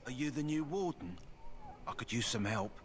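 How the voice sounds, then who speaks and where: A steady, practical voice, as a man plays a kennel master in a fantasy game who cares about his hounds. He explains things plainly and without hurry. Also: mid-range voice, moderate pace, lightly acted. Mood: concerned. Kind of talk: video game voice acting.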